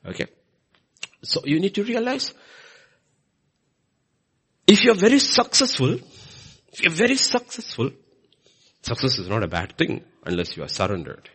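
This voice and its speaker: A man's voice: gravelly, breathy edge. A man preaching a sermon in a church, acting out scripture quotes with big swings in emphasis. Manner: animated, swinging pitch and loudness for emphasis.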